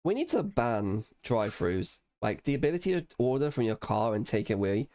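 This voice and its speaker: A man chatting casually on a podcast, swearing freely and telling lively stories with acted-out quotes. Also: medium pitch, fairly quick. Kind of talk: casual chat.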